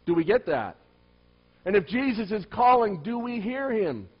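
A man preaching a sermon, firing rhetorical questions at the congregation and swinging between loud emphatic lines and quiet low asides. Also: very animated, moderate pace, breathy edge. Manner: asks the listeners many rhetorical questions. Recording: dull lo-fi recording.

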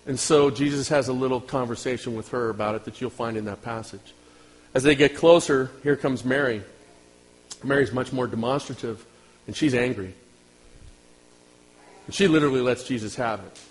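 A man preaching a sermon as pastor, talking directly to his congregation and swinging from loud outbursts to hushed lines. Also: mid-range voice, moderate pace, poor audio.

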